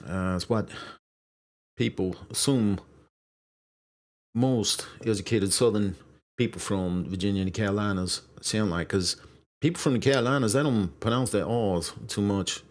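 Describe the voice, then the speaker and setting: Rambling New man, fairly low voice. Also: moderate pace, pauses often. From Brooklyn, New York. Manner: rambling, swears, apologizes, loses his train of thought. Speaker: streamer host. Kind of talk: casual live-stream chat.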